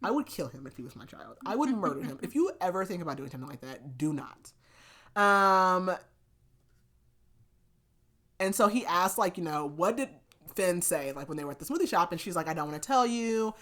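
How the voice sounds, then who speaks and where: Podcast host, young woman, lower-pitched, chatty recap style with constant fillers. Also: lively intonation, moderate pace, fairly bright tone. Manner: chatty, filler-heavy retelling with lots of "like". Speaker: book review podcast host. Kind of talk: casual book recap.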